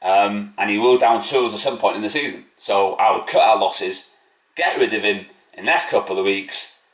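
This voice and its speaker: A man's voice: lowish voice, moderate pace, a bit bright. A man hosting a football fan channel, giving a blunt, opinionated match preview with some swearing. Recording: roomy echo.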